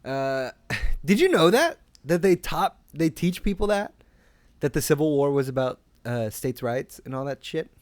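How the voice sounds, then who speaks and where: A man's voice: a little high, sing-song, normal speed. A man co-hosting a casual chat show over a remote call, laid-back, swearing freely and laughing often. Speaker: podcast co-host. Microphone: remote call, in another city from the co-host.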